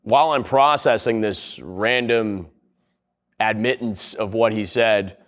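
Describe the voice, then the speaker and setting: A man's voice: fairly low pitch, slow pace, a bit bright. A young man hosting a casual comedic video essay, rambling and sarcastic, with plenty of swearing. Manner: profane, rambling, sarcastic storyteller.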